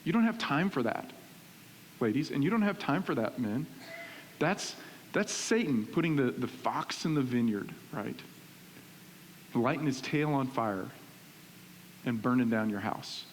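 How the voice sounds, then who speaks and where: A middle-aged male pastor preaching in a church, animated and conversational, often checking in with "right?". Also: mid-range voice, measured pace, long pauses. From Texas. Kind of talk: sermon. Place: church sanctuary. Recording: reverberant church hall with faint hiss.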